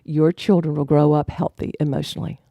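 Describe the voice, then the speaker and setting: A woman's voice: low-pitched, level tone, a little fast, creaky, dry recording, lo-fi sound. A woman family life coach talking through parenting advice in a casual podcast chat, often laughing.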